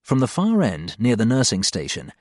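A man's voice: medium pitch, huge pitch swings, moderate pace, a little mellow, dry recording. A man reading a first-person novel aloud in a dry, wry storytelling manner. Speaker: audiobook narrator. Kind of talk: scripted first-person narration.

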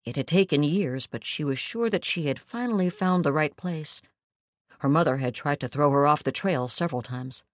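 Woman reading an audiobook story, lowish voice, super dry close sound. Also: no room sound. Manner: measured, steady storytelling with quoted lines acted. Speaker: narrator. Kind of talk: scripted audiobook narration.

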